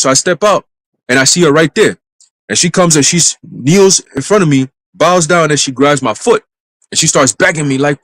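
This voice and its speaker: A man in a live church stream telling a dream as testimony, in brisk street slang with some cursing. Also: a little high, a bit bright, no room sound, poor audio. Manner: brisk storytelling full of street slang and profanity. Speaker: church minister.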